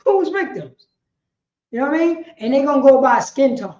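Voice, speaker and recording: A woman leading a religious class in an animated, slangy street style, peppering her talk with "you know what I mean.". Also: high-pitched, a little fast. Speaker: class teacher. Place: indoor meeting hall. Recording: echoey, dull lo-fi room audio.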